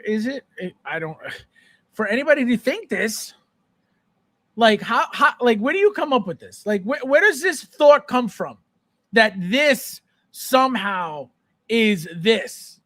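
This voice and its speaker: A man's voice: high-pitched, a bit bright, dry recording. A man hosting a live collector show, ranting with exasperation and repeating himself as he answers chat. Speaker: podcast host. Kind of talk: live-stream chat with viewers.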